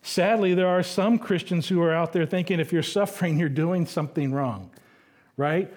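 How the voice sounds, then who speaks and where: A middle-aged male pastor giving a conversational sermon, slowing down to read scripture aloud. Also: a little high, darkish tone. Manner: conversational preaching, reads scripture slowly.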